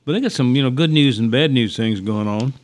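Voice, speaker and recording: A man's voice: medium pitch, fairly quick. Rambling male talk radio host. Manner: rambling, with many fillers and restarts. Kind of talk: casual talk radio chat.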